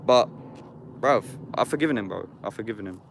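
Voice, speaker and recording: With a lowish, brisk, gravelly voice and background noise behind him, a thirty-ish YouTuber vlogs outdoors in the woods. He reads scripture aloud and comments on it in slangy street talk, swearing frequently and saying "bruv."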